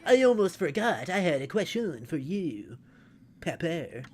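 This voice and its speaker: A woman voicing a slow-spoken game villager, drawing out each line. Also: lowish voice, very animated, darkish tone, a little hiss or hum, voice pushed down. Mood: drawn out. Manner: slow, drawn-out reading.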